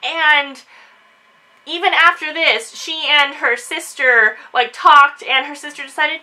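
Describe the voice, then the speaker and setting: Woman chatting about a book she read, bright chirpy voice, lively. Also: high voice, slow pace, rough recording. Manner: chatty and animated, acts out quotes. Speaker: book reviewer. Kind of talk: casual book discussion vlog.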